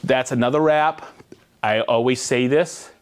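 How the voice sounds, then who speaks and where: A man hosting a live tool show, reading out viewer shout-outs in an upbeat, jokey way. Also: medium pitch, smooth. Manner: upbeat, jokey, reads viewer names and places quickly.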